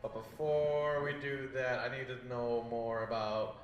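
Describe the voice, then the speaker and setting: A man's voice: medium pitch, steady tone, measured pace, roomy sound, recorded from a distance, highs cut off, slight background noise. A man hosting a comedy show, doing teasing crowd work and joking banter. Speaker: show host. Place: small comedy venue.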